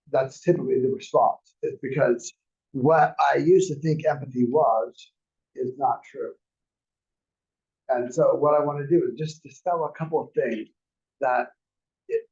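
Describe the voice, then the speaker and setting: A man's voice: medium pitch, a little mellow, lo-fi sound. A man teaching a classroom lecture in a conversational, rambling way with many restarts. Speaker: real estate class instructor.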